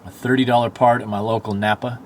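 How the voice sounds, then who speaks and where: A man's voice: medium pitch, little pitch movement, quick pace. A man vlogging casually and with profanity outdoors by a busy roadside, explaining car trouble into a handheld phone camera. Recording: outdoor traffic noise.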